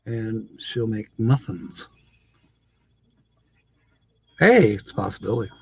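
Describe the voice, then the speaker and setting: A man's voice: on the low side, lively intonation, slow pace, slightly rough. A man hosting a live stream, chatting casually with viewers, laughing often and reading comments aloud.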